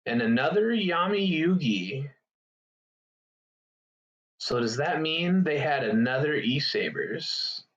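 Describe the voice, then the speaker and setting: A man co-casting a card game match, giving measured analysis and reactions. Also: a little high, expressive, fairly bright tone, dull audio. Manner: measured analysis, laughs easily. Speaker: esports co-caster. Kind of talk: relaxed game commentary.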